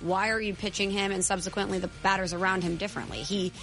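A woman's voice: medium pitch, fairly even intonation, fast, a bit bright. Woman, sports co-host, skeptical, punchy, music bed behind. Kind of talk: sports debate chat.

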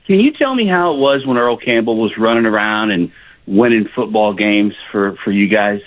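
A man's voice: lowish voice, lively intonation, moderate pace. A man, calling into a sports radio show and ranting indignantly at the hosts. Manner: heckling, taunting, indignant. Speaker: caller. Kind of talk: sports radio call-in rant. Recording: phone line.

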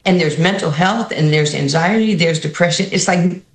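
A woman with a New York accent, coaching basketball, tells stories in an interview. She acts out the people she quotes with an animated, lively delivery. Her voice carries a roomy studio echo. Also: fairly low pitch, normal speed. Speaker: basketball head coach, guest. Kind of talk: storytelling interview answers.

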